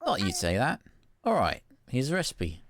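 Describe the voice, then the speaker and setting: A woman's voice: a bass voice, huge pitch swings, normal speed, a crowd in the background, pitched above the performer's own voice, full character voice. A woman voicing a peppy, enthusiastic female crafting villager who talks in a bubbly, teasing way.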